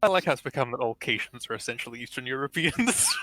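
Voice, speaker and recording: A man's voice: medium pitch, big pitch swings, fast, pushed and bright, poor audio. A man playing an online tabletop game, chatty and laughing often as he talks through his character's options. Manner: chatty, laughs often, plays a commanding officer. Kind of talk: casual game chat.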